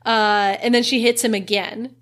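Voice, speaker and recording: A woman's voice: on the high side, level tone, moderate pace. A young woman hosts a casual book recap podcast. She talks in a chatty, easygoing way and laughs often. She slips into the characters' lines as she retells the story. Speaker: podcast host.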